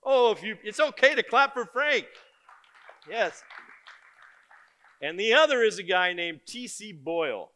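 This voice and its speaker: An older man giving a conference keynote, telling stories in a lively, joking and blunt way. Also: sits high, measured pace, long pauses. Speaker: keynote speaker. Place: conference stage before an audience.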